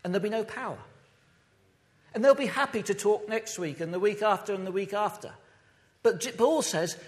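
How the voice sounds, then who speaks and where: A man's voice: high-pitched, normal speed, pauses often, long reverb tail. A man from the United Kingdom giving an impassioned sermon as a pastor, recorded in a church. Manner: impassioned, emphatic preaching.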